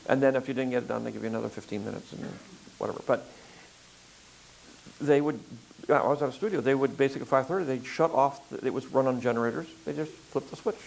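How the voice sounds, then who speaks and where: An older man talks through a story in a loose, rambling way, stopping often for fillers and starting over mid-sentence. His voice has a gravelly rasp to it. A faint hiss sits under the recording. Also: mid-range voice, fast, rough recording. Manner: rambling, frequent fillers and restarts. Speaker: filmmaker guest. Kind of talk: conversational interview.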